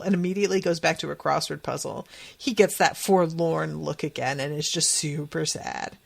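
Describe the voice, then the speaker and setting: A woman hosting a podcast, casually recapping a TV episode in a chatty, candid way and acting out quotes with sudden pitch jumps. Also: moderate pace, vocal fry.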